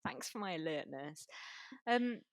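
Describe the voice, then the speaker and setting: A chatty woman from Britain trades skincare notes in a relaxed, giggly way. Her voice sits a little low for a woman. The sound is very dry and close, with no room around it. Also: unhurried, no room sound. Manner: chatty, laughs often. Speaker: podcast co-host. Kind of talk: casual beauty chat.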